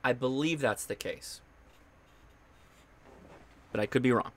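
Broadcasting live from his home station, a male ham radio host chats cheerfully about his equipment, often restarting his sentences loosely. He has a medium-pitched voice and a measured pace.

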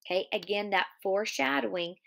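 A woman's voice: medium pitch, vocal fry, a bit bright. Woman teacher guiding a class reading. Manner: pauses to pose questions to students. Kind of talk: guided reading lesson.

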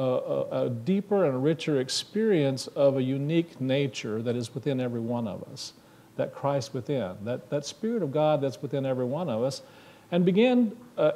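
In a church sanctuary, a minister with a fairly high, dark-toned voice preaches conversationally, putting questions to the congregation.

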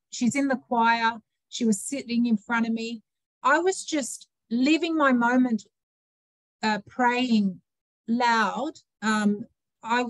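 A woman's voice: a little high, no echo. A woman in a Bible study group, earnestly recounting a personal experience. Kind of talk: casual group discussion.

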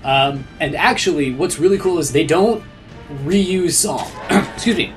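Over game music, a man with a somewhat high voice coaches a friend through a video game at a measured pace. It's casual let's-play banter, and he's animated and talkative, restarting himself often as he guides the player.

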